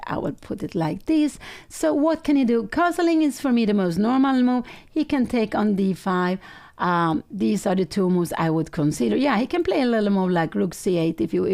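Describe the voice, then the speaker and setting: Gravelly-voiced woman commentating chess. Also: medium pitch, a little mellow. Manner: analytical, thinking aloud with frequent self-corrections; non-native English phrasing. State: slightly rough early-morning voice, clearing throat.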